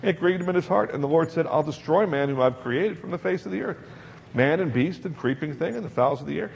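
A man's voice: a little high, lively intonation, brisk, vocal fry, darkish tone, slight background noise. A man preaching a sermon to a congregation in a chatty, emphatic way, repeating words for stress. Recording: dull lo-fi recording in a large hall.

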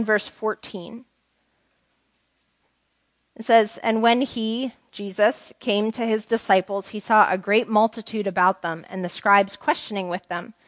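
A woman's voice: medium pitch, dry recording. A woman leads an informal Bible study, talking casually with her group and reading passages aloud. Her voice sits in a middle range for a woman. It sounds dry and close, with no room around it. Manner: conversational, asks the group questions, reads scripture aloud. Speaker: Bible teacher.

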